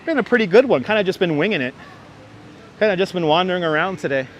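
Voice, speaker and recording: A high-voiced man with a Brooklyn accent talks into a wireless clip-on mic while walking city streets. He chats animatedly with his livestream viewers. Traffic hums faintly behind him. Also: quick pace. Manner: chatty, animated, often thanking viewers by name. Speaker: livestream host.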